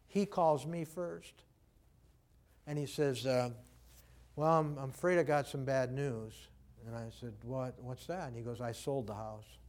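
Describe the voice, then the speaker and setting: A medium-pitched preacher with a darkish tone recounts a personal anecdote in his sermon. His manner is conversational, and he voices the people he quotes.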